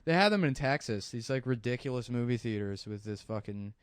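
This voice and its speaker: A man co-hosting a podcast, telling stories in a laid-back way and quoting people in a flat mumble. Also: mid-range voice, brisk, clear, resonant tone, dry recording. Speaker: podcast co-host. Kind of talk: casual podcast banter, storytelling.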